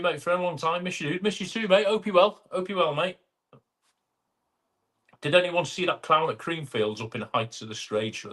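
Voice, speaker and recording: A man's voice: medium pitch, a bit bright. A middle-aged man, hosting a casual live chat and greeting viewers by name as he reads their comments. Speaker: live stream host.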